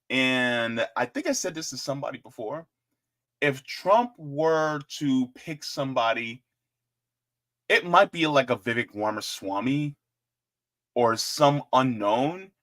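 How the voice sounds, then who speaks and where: Animated man doing casual political commentary. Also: mid-range voice, takes it slowly, pauses often. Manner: animated, joking, conversational asides.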